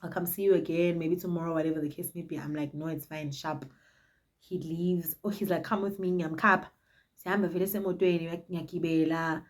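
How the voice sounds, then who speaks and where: A South African woman in her twenties, telling a casual storytime in an animated, dramatic and cheeky way. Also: fairly low pitch, brisk. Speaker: vlogger.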